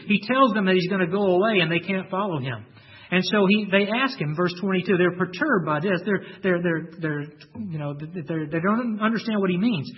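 Male preacher, higher voice, emphatic sermon delivery, dull lo-fi sound. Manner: emphatic, stresses key words with slow drawn-out lines; repeats words when restarting. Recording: dull lo-fi recording.

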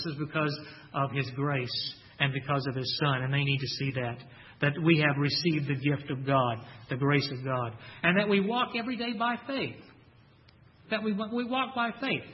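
A man's voice: on the high side, lo-fi sound. A man preaching a sermon in an earnest way, repeating key phrases and quoting scripture. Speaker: pastor.

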